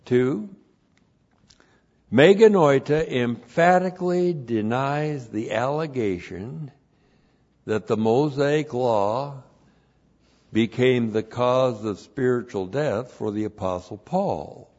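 A man teaching scripture in a sermon, emphatic and deliberate, laying out numbered points and repeating each one, on a dull lo-fi recording. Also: medium pitch, darkish tone. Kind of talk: verse-by-verse Bible teaching sermon.

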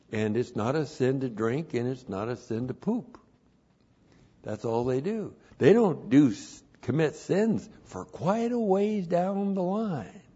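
A man teaching scripture in a sermon, emphatic and deliberate, laying out numbered points and repeating each one, on a dull lo-fi recording. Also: mid-range voice, mellow, husky. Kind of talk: verse-by-verse Bible teaching sermon.

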